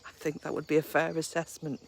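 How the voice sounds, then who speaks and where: A woman chatting casually on a live stream while walking her dogs in a park, cooing at them in a high baby voice. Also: monotone, a little fast, vocal fry, slight background noise. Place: woodland park outdoors, early morning.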